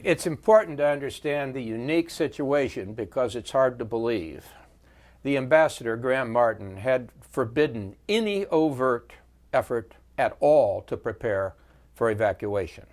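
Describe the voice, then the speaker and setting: A man in his seventies, interviewed as a veteran, recounting wartime memories with measured storytelling and frequent pauses. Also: medium pitch, lively intonation.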